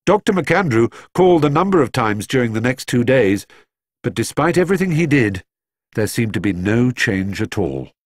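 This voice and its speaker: Male narrator, very animated pitch, dry close sound, storybook reading. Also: moderate pace, no room sound. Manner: expressive, lively storytelling. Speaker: audiobook narrator.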